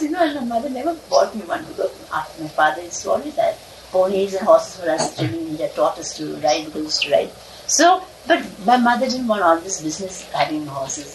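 A woman telling a personal story from her childhood in a casual, meandering way, often laughing between lines. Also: low-pitched. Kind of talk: casual spoken reminiscence. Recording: distant mic with clear background noise.

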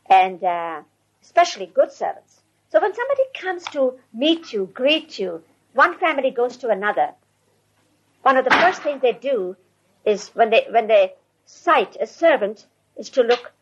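Older woman, rambling anecdote teller, husky voice, muffled tape. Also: sits high. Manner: rambling, conversational, with restarts. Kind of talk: casual anecdotal storytelling. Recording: dull lo-fi recording.

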